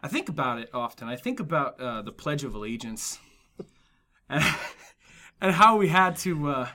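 A man's voice: mid-range voice, moderate pace. A man in his twenties hosting a podcast in casual chat, rambling through stories with lots of filler words and jumping into comic voices. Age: 20s. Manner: animated, slips into comic voices. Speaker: podcast host.

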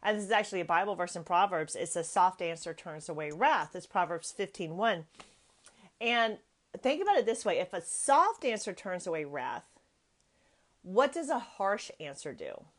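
A woman's voice: fairly low pitch, big pitch swings, normal speed. Earnest, emphatic woman podcast host. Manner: emphatic, repeats key phrases, conversational and earnest. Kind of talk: motivational parenting podcast talk.

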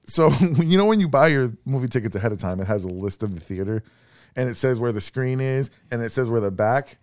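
Lively male podcast host. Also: medium pitch, brisk, no echo. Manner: lively storyteller, laughs often. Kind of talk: casual chat.

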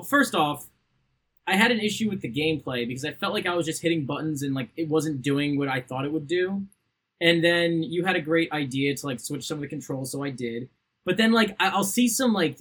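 A man's voice: fairly high pitch, a bit bright, slightly rough. A man co-hosting a podcast, joking crudely and laughing often in casual chat. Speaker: podcast co-host.

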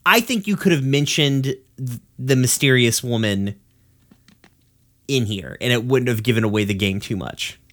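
With a medium-pitched, somewhat bright voice, a podcast co-host recaps a cartoon episode in loose, rambling chat. He's profane and laughs a lot, tossing in quick character voices.

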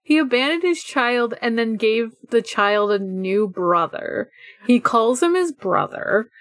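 A woman co-hosting a casual podcast chat, giggly and animated, with lots of fillers. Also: a little high, unhurried, dry recording, studio quality. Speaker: podcast co-host. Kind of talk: casual chat recapping an episode.

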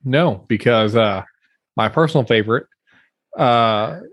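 A man co-hosting a podcast over a video call, delivering his jokes deadpan. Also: medium pitch, unhurried, no echo. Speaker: podcast co-host. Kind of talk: casual chat.

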